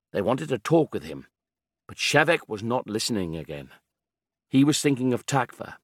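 A man reading an audiobook in a measured, calm, descriptive manner. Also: fairly low pitch, dry recording, clean studio sound. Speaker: narrator. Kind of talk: scripted audiobook narration.

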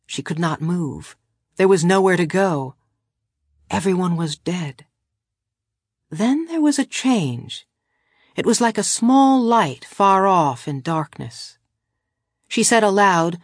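A woman reading a novel aloud in a measured, even storytelling voice. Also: fairly low pitch, no echo, clean studio sound. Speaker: audiobook narrator. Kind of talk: scripted narration of a novel.

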